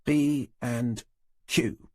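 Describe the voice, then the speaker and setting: A man's voice: medium pitch, fairly even intonation, drawn-out words, no echo, clean studio sound. A man voicing an eager, flustered young male detective constable in an audiobook. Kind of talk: audiobook character reading.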